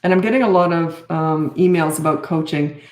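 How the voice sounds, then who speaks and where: Deep-voiced and brisk with a darkish tone, a Canadian parenting coach in her sixties fields viewer questions in a live Q&A from an echoey room. She's candid, talkative, and self-deprecating.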